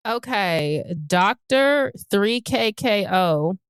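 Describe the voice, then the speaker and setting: Woman cohost reading fan comments, playful, laughs a lot, smooth clear voice, dry close sound. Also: medium pitch, very slow, no echo. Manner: animated, laughs often, playful. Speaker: podcast co-host. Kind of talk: casual chat reading listener comments.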